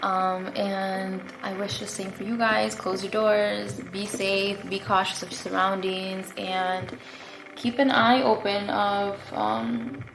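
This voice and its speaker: A woman's voice: medium pitch, level tone, takes it slowly, gravelly, noisy background. Chatty young woman in an echoey room. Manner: chatty, rambling, lots of fillers and "like". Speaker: vlogger. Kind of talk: casual story-time chat. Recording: echoey room, faint ambience.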